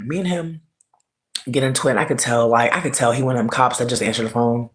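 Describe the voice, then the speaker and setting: A young man tells a story to the camera in a vlog. He is heated and profane, and his voice swings widely in pitch as he acts out both sides of the argument. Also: animated, rapid-fire, rough recording. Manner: heated, profane, quotes people in exaggerated voices. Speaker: vlogger. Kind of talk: animated storytime rant.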